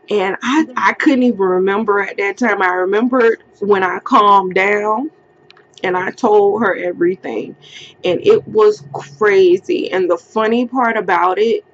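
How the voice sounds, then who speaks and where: Young woman vlogger, slow-spoken storyteller, dramatic quoted outbursts, muffled lo-fi audio. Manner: emotional storytelling, acts out quotes in a high crying voice. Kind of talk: storytime vlog.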